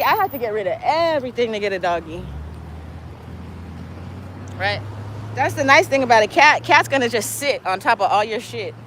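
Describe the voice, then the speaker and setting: This live streamer walks outdoors along a city street, her voice sitting high as she rambles profanely and coos to her cat in baby talk. The low-quality recording carries a faint hiss or hum.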